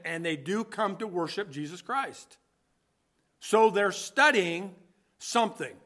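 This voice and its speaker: A man's voice: high voice, bright, forceful tone. A man preaching a conversational sermon, thinking aloud as he explains scripture, with frequent restarts.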